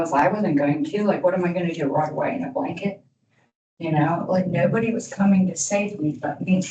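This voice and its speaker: A woman's voice: deep voice, warm tone, lo-fi sound. Candid woman speaking in an echoey room. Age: 30s. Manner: candid, rambling, peppered with "you know". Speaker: alumni speaker. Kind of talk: motivational talk to youth. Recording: echoey room from far off, faint noise.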